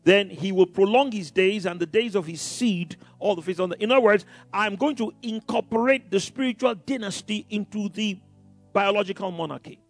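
A man's voice: high voice, moderate pace, no room sound, faint music behind. A man preaching a sermon, rallying his congregation with bursts of emphasis and stumbling through many fillers and restarts.

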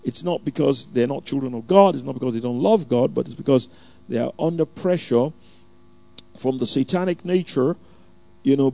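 A man preaching a sermon in a church, opening with a measured, fervent prayer and then teaching with frequent restarts and fillers. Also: fairly high pitch, creaky, mellow, dry recording.

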